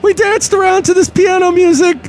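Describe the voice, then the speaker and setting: A man voicing an excitable male floor worker who shouts in a squeaky falsetto. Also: a little fast, soft background music. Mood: excited.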